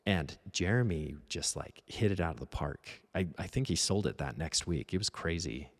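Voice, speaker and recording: Deep gravelly-voiced man painter. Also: animated, normal speed. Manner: rambling, anecdotal, self-deprecating. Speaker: painter and art teacher. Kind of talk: casual talk while painting.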